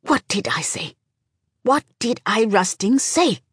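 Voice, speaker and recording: A woman's voice: medium pitch, lively intonation, normal speed, a little mellow, dry recording, clean studio sound, lightly acted. A woman reading an audiobook voices a tense, angry woman leader who scolds bluntly through a tight jaw. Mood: tight anger.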